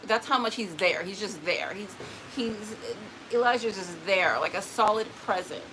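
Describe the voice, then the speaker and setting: A woman talking casually and emotionally to camera, often pausing to address an unseen spirit, with quick restarts and repeated words. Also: medium pitch. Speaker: spiritual vlogger. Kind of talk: casual personal talk to camera. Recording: noticeable background noise.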